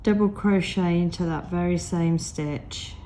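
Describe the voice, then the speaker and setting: A woman teaching crochet step by step, croaky from a cold, counting stitches aloud in a patient way. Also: fairly low pitch, fairly even intonation, measured pace, warm tone, slight background noise. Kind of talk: step-by-step craft tutorial.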